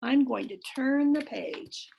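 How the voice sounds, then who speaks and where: A woman reading a picture book aloud to young children, expressive, exclaiming and pausing to ask them questions. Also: high voice, gravelly, slightly rough. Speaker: children's storytime reader.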